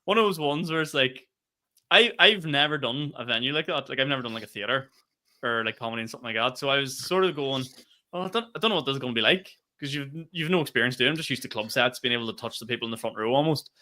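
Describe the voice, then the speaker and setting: A man, a stand-up comedian co-hosting a podcast, telling stories in animated, casual chat and swearing freely. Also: mid-range voice, fast. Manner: animated storyteller, laughs mid-sentence, swears freely.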